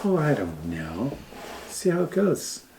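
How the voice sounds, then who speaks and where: A man chats over fresh bread in a home kitchen. His pitch rises and falls a lot, and he laughs often as his attention wanders. A faint hiss sits under the recording. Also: wildly swooping pitch, slow, vocal fry, warm tone. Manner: chatty, easily distracted, laughs often. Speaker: podcast co-host. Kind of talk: casual chat.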